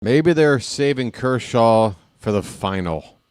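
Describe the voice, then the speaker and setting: Slow and deliberate between pitches, the man calling this ballgame as a fan mixes in dry, wry asides. The close, dry recording leaves no room sound on his smooth, clear voice, which rises to excited shouting when a big hit comes.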